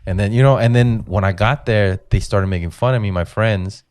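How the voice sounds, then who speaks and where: A man in his forties speaks as a comedian guest on a podcast, with a low voice and a dry, close sound. His storytelling is loose and profane, and he keeps jumping into exaggerated voices when he quotes people. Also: brisk, a little mellow, clear, resonant tone, no room sound. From Mexican-American. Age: 40s. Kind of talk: casual podcast chat.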